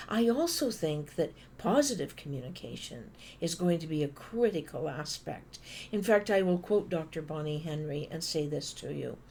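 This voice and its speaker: A middle-aged Canadian woman with a fairly low voice gives an animated motivational talk. She tells everyday stories with playful asides. Faint ambience is heard behind her. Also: a little hiss or hum. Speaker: speaker.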